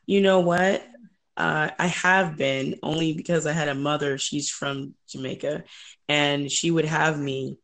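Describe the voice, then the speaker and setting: A middle-aged woman telling personal stories as an interview guest, lively, laughing often and acting out quoted voices. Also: sits low, a little slow. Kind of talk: conversational interview storytelling.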